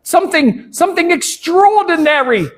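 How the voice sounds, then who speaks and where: A man's voice: extremely high pitch, animated, normal speed, pitched above the performer's own voice. A man voicing an eager, apple-cheeked boy with a New York accent.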